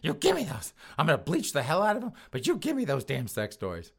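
A shrill, frantic woman squeals in a high, wildly swooping voice, as a male podcast host puts her on. Her pitch leaps all over the place as she speaks. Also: wildly swooping pitch, brisk, gravelly, slightly rough, exaggerated voice. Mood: indignant. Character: flustered shrill woman, burglary victim.

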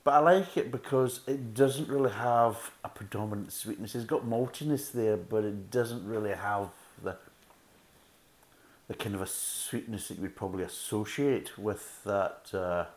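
A middle-aged podcast host reviews a beer in a casual, rambling way, tossing in chatty asides. His voice is lowish and his pace moderate.

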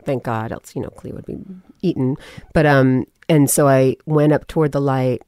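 A woman's voice: a bass voice, moderate pace, dry recording, studio quality. A woman from California, a podcast guest, telling a personal story in casual talk and acting out what people said. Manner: animated storyteller, quotes people in voices.

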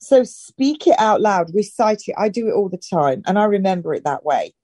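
A woman's voice: mid-range voice, expressive, warm tone, no room sound, clean studio sound. A middle-aged woman from northern England, a health and wellness guest, giving direct, emphatic advice in a casual interview. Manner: direct and emphatic, with brisk instructions.

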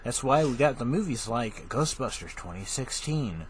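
A man's voice: mid-range voice, lively intonation, moderate pace, few pauses, breathy edge. A man in casual, joking chat who stumbles while reading articles aloud.

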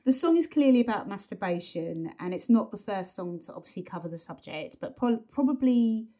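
A woman co-hosting a podcast in a relaxed, rambling way. She talks at a middling pitch, leaning on fillers and restarting her sentences as she goes. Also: fairly quick. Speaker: podcast co-host. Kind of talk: casual chat about a song.

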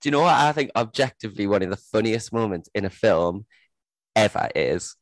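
Young guy, low-ish voice, chatty and laughy, dry close mic. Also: expressive, fairly quick, no room sound. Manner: chatty storyteller, laughs often, swears casually. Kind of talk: casual chat.

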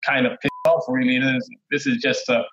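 A middle-aged man with a Trinidadian accent, telling stories as a guest in a relaxed, laid-back way, often laughing. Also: mid-range voice, a little fast, slight background noise. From Trinidad and Tobago. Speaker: guest, former footballer. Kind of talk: casual interview storytelling. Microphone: remote call audio. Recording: dull lo-fi call audio.

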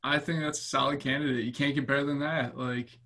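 A man's voice: medium pitch, steady tone, fairly quick, vocal fry, background noise. A man in a casual comedic chat, talking loosely with lots of "like" and casual swearing.

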